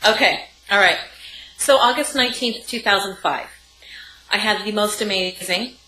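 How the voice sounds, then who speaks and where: A woman's voice: medium pitch, moderate pace, sharp tone. A woman in her forties, a guest coach, telling a personal story with vivid, piled-up phrases in an interview. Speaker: guest, sex and intimacy coach. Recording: roomy sound with faint background noise.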